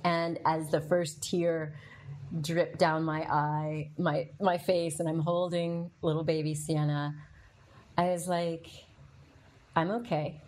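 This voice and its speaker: A middle-aged woman with a fairly low voice tells her own story on a podcast. She talks candidly and with feeling, and she answers the comments of her live audience as she goes. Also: level tone, slow, darkish tone. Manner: candid and emotional, with frequent fillers. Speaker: podcast host.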